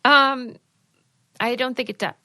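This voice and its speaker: A young woman co-hosting a podcast in casual chat, calm and supportive, laughing easily. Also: high-pitched, a little slow, no room sound. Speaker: podcast co-host.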